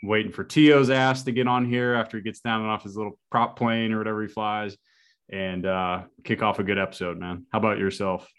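A man hosting a podcast, chatting casually and telling jokes in an upbeat, energetic way. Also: fairly low pitch, a little fast, clear, resonant tone. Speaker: podcast host. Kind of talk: casual chat.

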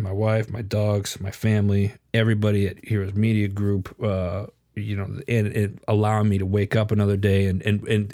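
A man's voice: on the low side, darkish tone, no room sound, studio quality. A middle-aged man hosting a casual faith chat, talking in an earnest, confiding way and often repeating words as he thinks.

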